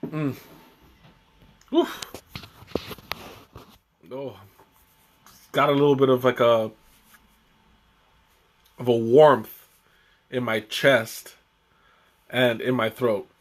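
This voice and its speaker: A man hosting a casual live-stream tea tasting, chatty and joking, who talks haltingly with many restarts and fillers. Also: mid-range voice, fairly even intonation. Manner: chatty and joking, often chuckling.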